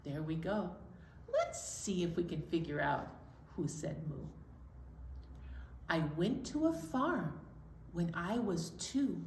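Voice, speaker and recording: A children's librarian leading a story time poem, coaxing listeners to join in with animal sounds. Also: female voice, on the low side, lively intonation, slow, long pauses, a little hiss or hum. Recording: echoey room.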